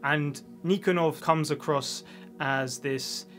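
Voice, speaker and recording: A man speaking as a media commentator, giving steady, informative explanations. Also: a little high, takes it slowly, soft background music.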